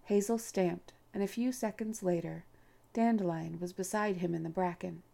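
A woman reading a novel aloud as an audiobook narrator, in a measured, unhurried storytelling manner. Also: lowish voice, fairly even intonation, vocal fry, mellow. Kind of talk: scripted narration.

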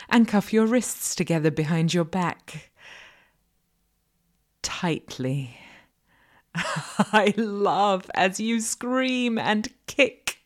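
A woman narrating a second-person erotic audio role-play in a teasing, commanding manner, sometimes dropping to a whisper. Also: lowish voice.

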